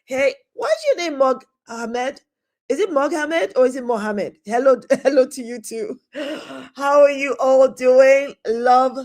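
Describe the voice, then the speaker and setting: Hosting a live talk stream, a middle-aged woman chats casually with her audience, calling out viewers by name and laughing frequently. Her pitch is fairly high and her tone leans dark.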